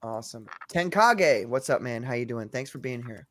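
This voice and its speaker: A man's voice: medium pitch, expressive, normal speed, a bit bright, slight background noise. A man hosting a casual livestream podcast, chatty and greeting viewers one by one. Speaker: podcast host.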